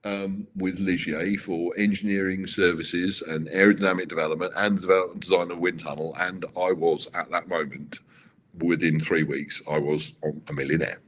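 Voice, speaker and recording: A middle-aged man, a racing car designer, telling stories in an interview with halting restarts and acted-out quotes. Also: low-pitched, steady tone. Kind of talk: animated storytelling interview.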